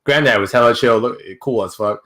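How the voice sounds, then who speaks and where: A young man telling a story to a friend, slangy and animated, tripping over his words and starting over. His pitch sits at an ordinary middle level for a man. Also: a little fast. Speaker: guest. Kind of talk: casual storytelling.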